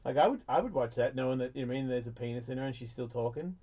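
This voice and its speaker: A man's voice: mid-range voice, very fast, muffled recording. A man hosting a radio talk show, rambling and swearing through crude banter. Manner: profane, rambling, loud bursts of laughter.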